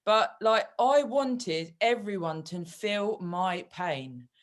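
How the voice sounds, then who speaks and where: A woman hosting an interview, talking candidly about her experiences in a relaxed, conversational way. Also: medium pitch, takes it slowly. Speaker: podcast host and bodybuilder. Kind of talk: casual interview talk.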